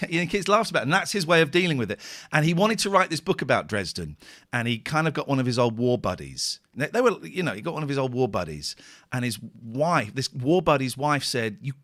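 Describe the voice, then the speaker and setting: A middle-aged man rambles through a casual radio chat, his pitch swinging widely as feeling takes over. He sounds worn out and near tears. The studio sound is close and dry. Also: big pitch swings, fast, fairly bright tone, no room sound. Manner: emotional, rambling, tearful at times. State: tired. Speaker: radio host. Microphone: studio microphone.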